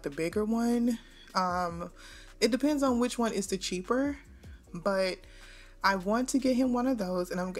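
Woman host, casual let's-play narrator, slangy and chatty, mid voice. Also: medium pitch. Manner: chatty, slangy, animated storytelling. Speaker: gameplay narrator. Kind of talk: casual game commentary.

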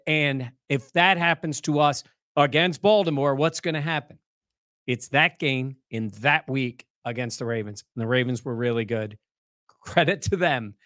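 A man co-hosting a sports talk show, breaking down the game in casual, animated conversation. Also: medium pitch, normal speed, dry recording, clean studio sound.

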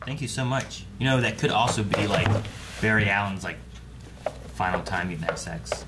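A man's voice: on the low side, moderate pace. A man co-hosting a casual chat, joking and giggling as he talks. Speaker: co-host. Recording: noisy room recording.

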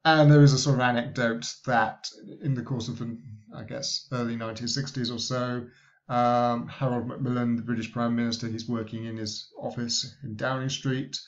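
A man's voice: mid-range voice, level tone, moderate pace. Guy lecturing at uni, keeps restarting his sentences, kinda muffled lo-fi sound. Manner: hesitant, many fillers and restarts. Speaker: university lecturer. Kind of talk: recorded lecture.

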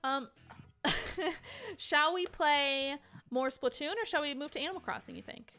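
A woman's voice: high voice, unhurried, bright, forceful tone. A woman hosting a charity game stream in casual chat, giggly and chatty as she reads out donations.

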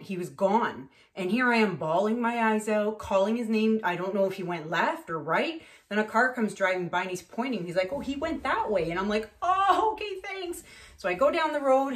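A middle-aged woman from Canada, painting on camera and telling a story in a casual, animated way, acting out the voices of the people in it. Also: mid-range voice. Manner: animated, acts out voices in her stories. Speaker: acrylic pour painter.

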